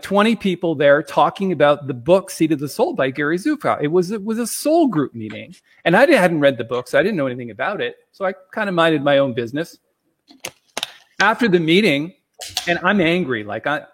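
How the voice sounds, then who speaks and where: A man with a somewhat high-pitched voice tells a long personal story in a loose, chatty way. He rambles, fills the gaps with "like" and "you know", and chuckles now and then. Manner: rambling, filler-heavy, chuckling.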